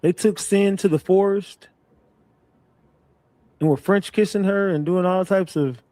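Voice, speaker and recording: A man's voice: sits high, steady tone, measured pace, warm tone, no echo. Teasing profane man hosting commentary. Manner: teasing, profane, repeats himself. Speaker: commentary host. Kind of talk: reaction commentary.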